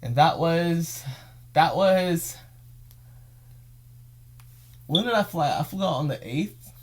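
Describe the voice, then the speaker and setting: A man's voice: on the high side, lively intonation, measured pace. A young man hosting his own show, telling an emotional story in a rambling, repetitive way. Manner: rambling, emotional, repeats phrases. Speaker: podcast host. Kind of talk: casual storytelling vlog.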